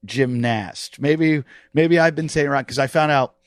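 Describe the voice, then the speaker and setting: A man hosting a podcast at a gym, telling restless, animated stories in casual chat, with plenty of swearing. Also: a little high, normal speed, clear, resonant tone, dry recording, clean studio sound. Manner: animated, profane, restless storytelling. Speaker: podcast host. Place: CrossFit gym.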